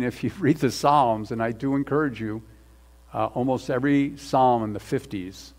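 A man preaching a sermon as pastor, emphatic, repeating words for stress and swinging between loud and soft. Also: medium pitch.

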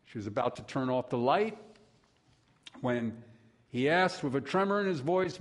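A man's voice: mid-range voice, animated, normal speed, long pauses. A middle-aged man preaching a sermon as a pastor, folksy and conversational, with asides to the congregation.

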